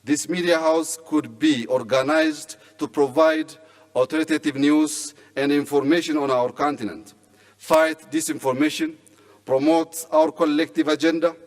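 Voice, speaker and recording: A man's voice: on the high side, steady tone, moderate pace. Male speaker, formal address. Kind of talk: speech.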